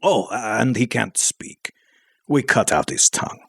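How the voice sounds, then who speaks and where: A man's voice: fairly low pitch, animated, unhurried, gravelly, fairly bright tone, a little hiss or hum. A man bantering in a dry, mock-serious tone. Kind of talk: comedic banter.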